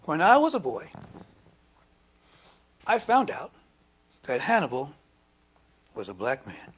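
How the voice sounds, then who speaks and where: A man preaching a sermon as minister, lively and talking back and forth with the congregation. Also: a little high, slow, husky. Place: church service.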